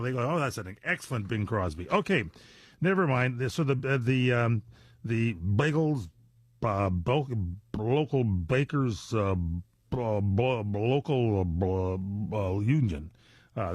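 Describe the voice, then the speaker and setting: An older man hosting a radio show in casual, rambling chat full of fillers and jokes, recorded on a studio mic. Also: medium pitch. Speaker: radio host. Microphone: studio microphone.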